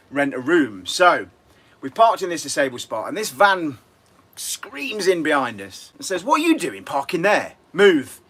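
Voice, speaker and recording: A man's voice: mid-range voice, a bit bright. A middle-aged English man with an English accent, rambling and restless as he chats casually to viewers on a woodworking live stream. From England.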